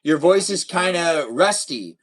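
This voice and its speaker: A man's voice: a little high, lively intonation, a little slow, poor audio. A man hosting a casual live stream guest night, easygoing, laughing often and asking his guests questions. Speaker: livestream host.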